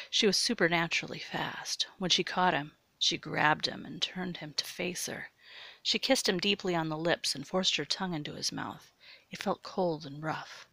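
A woman narrating an erotic audio story in a steady, measured way. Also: fairly low pitch, vocal fry, no echo.

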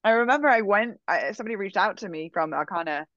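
A woman's voice: medium pitch, quick pace, no echo. Woman rambling thru a story, lots of likes and ums, dry dull audio. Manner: animated, frequent "like" and "um" fillers. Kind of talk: casual storytelling.

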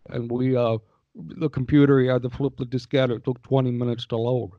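A man's voice: mid-range voice, fairly even intonation, normal speed, no echo, lo-fi sound. A man co-hosting a casual podcast chat about old games, rambling and joking with many restarts. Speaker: podcast co-host.

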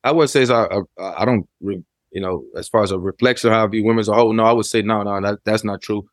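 A man's voice: on the low side, steady tone, rapid-fire, no echo, studio quality. A middle-aged man from Memphis, a guest telling stories in a laid-back, casual way in an interview. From Memphis, Tennessee, USA. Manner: laid-back storytelling, frequent "you know what I'm saying". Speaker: rapper and producer, interview guest.

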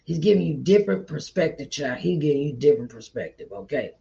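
A man's voice: fairly high pitch, expressive, fast talker, gravelly, mellow. Middle-aged man, raised voice, earnest repetitive encourager; dull lo-fi sound. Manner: repetitive, earnest, preachy, calls listener child and honey. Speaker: author giving encouragement. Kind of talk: motivational talk to viewers. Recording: dull lo-fi recording.

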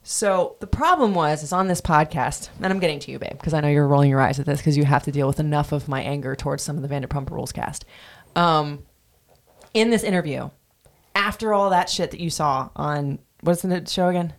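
A woman's voice: low-pitched, brisk. A woman in her forties hosting a casual podcast, talking bluntly and swearing freely as she rants. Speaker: podcast host.

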